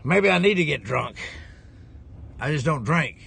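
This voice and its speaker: A man's voice: a little high, expressive, a little slow, gravelly, a bit bright, husky. A man, a preacher, telling a rambling, jovial story to his viewers with lots of chuckling. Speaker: preacher and ministry head.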